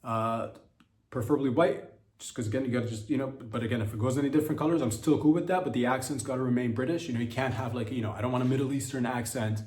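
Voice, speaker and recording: A man hosts a comedy podcast in a loose, rambling rant, swearing freely and restarting his sentences. His voice sits at an ordinary middle pitch. The room gives it a noticeable echo. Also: steady tone, fast talker, a little mellow. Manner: rambling, profane, many restarts.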